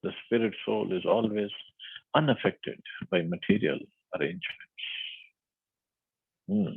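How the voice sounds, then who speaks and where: Gravelly low-voiced man reading scripture. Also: very animated, a little hiss or hum. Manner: measured reading, then loose explanatory asides. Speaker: scripture class speaker. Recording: phone-like narrow sound.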